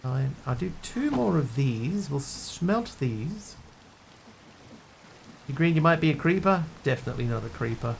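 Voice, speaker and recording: A man's voice: on the high side, sing-song, measured pace, creaky, a little hiss or hum. A man streaming a game, chatting and joking with his chat as he plays. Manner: chatty, jokey, talks to chat while playing. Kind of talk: casual gameplay commentary.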